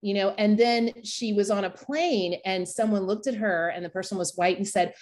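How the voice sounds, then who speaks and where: A woman leading a workshop discussion, retelling a story in a lively way and acting out the quoted voices. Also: mid-range voice, normal speed, hardly any pauses. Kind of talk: conversational storytelling.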